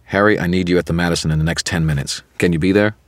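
A man doing a brisk, no-nonsense policewoman. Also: deep voice, steady tone, dry recording, natural voice. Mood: curt. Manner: brisk, businesslike. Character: cool brisk businesslike police lieutenant woman.

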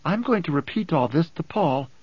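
A man's voice: on the high side, animated, moderate pace, husky, no echo, voice pushed up. A man voicing a fierce, proud teenage girl who snaps and sneers, in an audiobook. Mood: defiant. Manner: defiant, snapping, scornful. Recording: dull dry close recording.

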